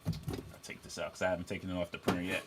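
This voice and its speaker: A man co-hosting a casual podcast, laid-back and lively, reading out viewer comments. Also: sits low, racing, very noisy. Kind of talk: casual chat.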